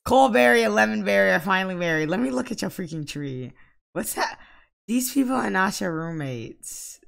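A woman's voice: medium pitch, expressive, moderate pace, gravelly. A woman giving let's play commentary, scolding her game characters aloud in exasperation. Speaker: gaming channel host.

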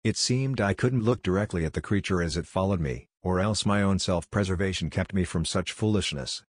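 A man narrating a scripted horror story in a measured, solemn first-person telling. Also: deep voice, no room sound, studio quality.

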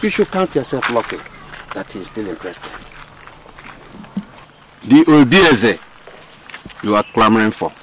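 A man's voice: lowish voice, very animated, unhurried, pauses often, a little hiss or hum. An actor with a Nigerian accent playing a stern uncle who scolds his niece in a film drama. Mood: scolding. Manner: scolding, lecturing.

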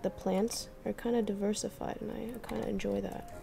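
A woman's voice: mid-range voice, level tone, a little fast, creaky, over music. A young woman streaming, thinking aloud and chatting casually with her viewers as she works. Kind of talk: casual livestream chat while crafting.

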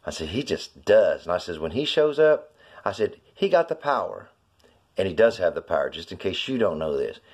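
A middle-aged man, telling a faith story in a rambling vlog, full of "you know" and "I says", his voice jumping high when excited. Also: moderate pace. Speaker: vlogger telling a witness story. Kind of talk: casual storytelling testimony.

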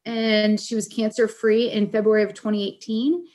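A woman's voice: medium pitch, flat delivery, moderate pace, a little mellow. Heartfelt woman in her forties. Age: 40s. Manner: earnest, heartfelt storytelling. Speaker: guest, caregiver advocate and author. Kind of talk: casual podcast conversation.

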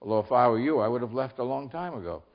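A man's voice: medium pitch, quick pace, lo-fi sound, close to an everyday voice. An older man reading aloud and voicing a rude, mocking male bird from a storybook that twists every word. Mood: teasing. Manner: snappy wordplay retorts.

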